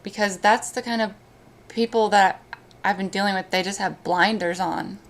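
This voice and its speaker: A woman talking on a live stream in casual chat, speaking emotionally, with halting restarts. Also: medium pitch, fairly even intonation.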